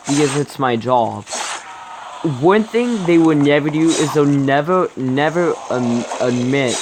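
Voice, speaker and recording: A man's voice: on the high side, expressive, unhurried. Rambling young man, noisy recording. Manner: rambling, self-correcting, chatty. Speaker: vlogger. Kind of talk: casual storytelling to camera.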